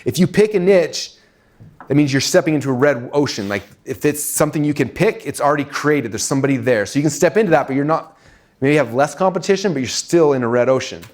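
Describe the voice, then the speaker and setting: A man with an American accent giving a live seminar talk to an audience in a fast, casual way, full of "like" and "right?". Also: on the high side, expressive. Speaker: speaker teaching marketing to an audience.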